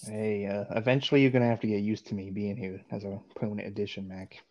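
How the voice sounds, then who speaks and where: A man's voice: on the low side, flat delivery, fast talker, a little mellow, muffled recording. A man co-hosting a podcast, chatting in a laid-back, easygoing way with lots of laughing banter. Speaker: podcast co-host. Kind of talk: casual podcast chat.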